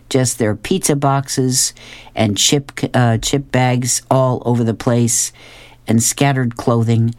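A woman's voice: extremely low pitch, darkish tone, no echo. A woman reading newspaper comic strips aloud, describing each panel with chatty, amused asides.

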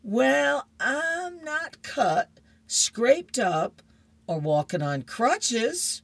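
Breezy evasive kid, a woman doing the voice, pitched well up. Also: sing-song, drawn-out words, vocal fry, fairly bright tone, breathy edge, distant mic, full character voice. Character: cheerful young boy back from bike riding.

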